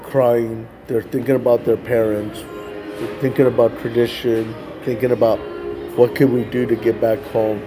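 A man's voice: mid-range voice, dark tone. A man, a street evangelist, telling a testimony in a casual way, often saying "man" and "like" and acting out the people he quotes. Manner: casual, repeats "man" and "like", acts out quoted voices. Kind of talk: testimony storytelling.

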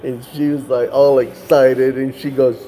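Slow, mellow-voiced man telling a story. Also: mid-range voice, a little hiss or hum. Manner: animated, acts out the children's voices, frequent "like" fillers. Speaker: ministry worker telling a story. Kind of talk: casual spoken storytelling.

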